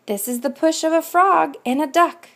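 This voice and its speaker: A woman volunteer reading a rhyming picture book aloud, slow, rhythmic and expressive. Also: sits high, creaky. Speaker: volunteer reader.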